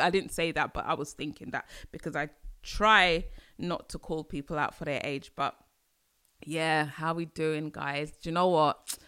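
A woman from London with a London accent, hosting a casual solo podcast, chatty and animated with sudden exclamations. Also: on the low side, normal speed, clear, resonant tone. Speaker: podcast host.

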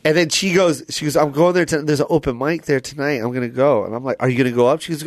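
A man co-hosting a podcast, telling stories in a loose, animated way with lots of fillers and acted-out voices. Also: medium pitch, fast, few pauses, no echo. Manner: animated storyteller, many fillers, acts out voices. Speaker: comedian and podcast co-host. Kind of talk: casual storytelling chat.

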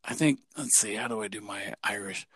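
A man's voice: fairly low pitch, a little fast, husky, no echo, studio quality. A man co-hosting a podcast in casual, joking chat, laughing often. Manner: animated, laughs often, tries out accent impressions. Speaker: podcast co-host.

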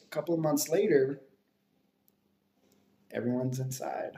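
A man's voice: mid-range voice, a little slow, dark tone. Chatty man with a roomy echo. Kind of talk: casual chat. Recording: echoey room.

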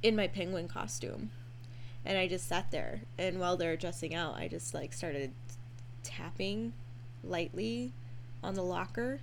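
A woman's voice: lowish voice, unhurried, gravelly, slight background noise. A woman co-hosting a podcast, chatty and teasing in casual conversation. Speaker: podcast co-host. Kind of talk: casual chat.

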